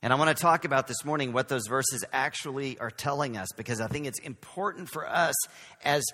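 A man's voice: medium pitch, a little fast, bright, forceful tone, in a large hall. A man from Texas with a light Southern accent, preaching a conversational sermon as pastor, with self-deprecating humor. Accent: Southern American.

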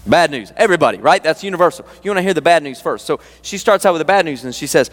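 A fired-up male preacher with a high voice, talking straight to the room with folksy asides. His voice rings out with a long reverb through a church hall. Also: animated, fast, hardly any pauses, fairly bright tone. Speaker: youth pastor. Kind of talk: sermon.

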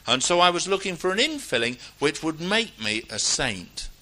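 A man preaching a sermon, emphatic and exhorting, swinging between loud declarations and quiet asides. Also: a little high, very animated, low-quality recording. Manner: reads scripture aloud in a ringing, measured cadence.

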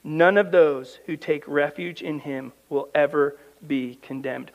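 A high-voiced male pastor delivers a sermon, reading verses and stopping to press his points home. He drops to hushed, low asides, then climbs loud and high, stretching out key words for emphasis. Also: a little slow, few pauses, highs cut off. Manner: reads scripture aloud and breaks in with emphatic commentary.

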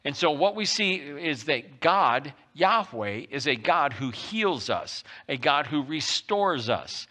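A man's voice: a little high, sharp tone. A man preaching a sermon in a church worship center, emphatic and repetitive, stretching out key phrases. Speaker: pastor.

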